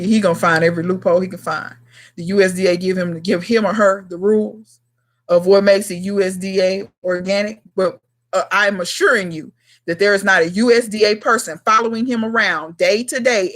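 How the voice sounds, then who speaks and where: A woman in her thirties chatting live with her viewers, blunt and emphatic with plenty of slang. Her voice sits at an ordinary middle pitch, and she speaks straight to her audience. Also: brisk. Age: 30s. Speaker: gardening channel host. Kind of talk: casual livestream chat answering viewers.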